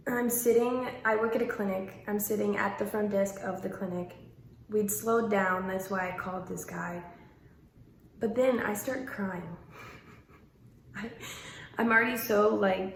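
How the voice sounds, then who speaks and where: A woman in her twenties telling a story to her vlog audience in a chatty, animated way. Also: mid-range voice, vocal fry, slight background noise. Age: 20s. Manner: chatty, animated, laughing through the retelling. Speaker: vlogger. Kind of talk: casual storytime. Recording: echoey room.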